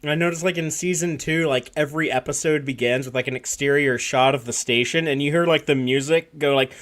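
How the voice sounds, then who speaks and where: Jokey rambling man, slightly high voice. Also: fairly even intonation, fairly quick, a bit bright. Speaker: podcast co-host. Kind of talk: casual live-stream chat.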